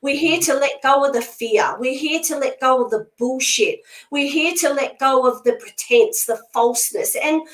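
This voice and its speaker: A woman's voice: high-pitched, moderate pace. A woman speaking as a spiritual medium guest in a casual conversation, blunt, emphatic and outspoken. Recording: echoey room sound.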